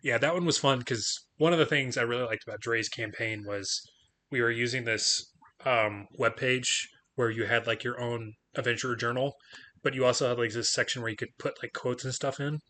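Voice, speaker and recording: A man's voice: mid-range voice, fairly even intonation, moderate pace, sharp tone. A man acting as game master, chatting loosely with lots of "like" fillers, then narrating the scene for his players. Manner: loose, filler-heavy talk with frequent laughs. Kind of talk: casual chat and game narration.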